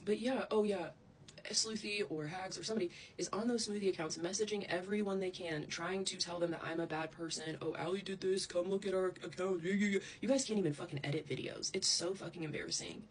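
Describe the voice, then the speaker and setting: A woman's voice: lowish voice, fast, a little hiss or hum, rough recording. A woman ranting angrily straight to camera, heated and profane, wandering off into asides. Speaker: social media creator. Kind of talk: angry direct-to-camera rant.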